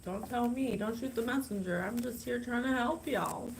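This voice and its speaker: A woman hosting a psychic channel, talking casually and excitably straight to her viewers. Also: on the high side, normal speed, heavy background noise. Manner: chatty, bubbly, gushing and excitable. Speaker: psychic podcast host. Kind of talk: casual direct-to-camera talk.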